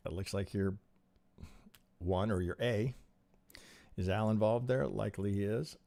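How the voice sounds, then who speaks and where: Lowish gravelly guy going over trading charts live, keeps asking "right?", lots of restarts. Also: unhurried. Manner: animated, rhetorical, many restarts and "right?". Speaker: trading educator reviewing charts. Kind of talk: live-stream chart analysis.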